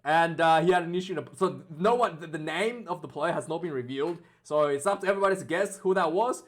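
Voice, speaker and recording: A man with an Australian accent hosting his rugby channel in a casual, rambling vlog chat, often checking in with "okay?" and filling pauses with "uh". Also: on the high side. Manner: chatty, rambling, full of "uh" and "okay?" check-ins.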